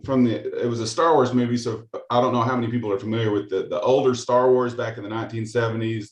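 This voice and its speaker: Hesitant middle-aged man, echoey room. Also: lowish voice. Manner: hesitant, many fillers and restarts. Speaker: call participant. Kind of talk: casual storytelling.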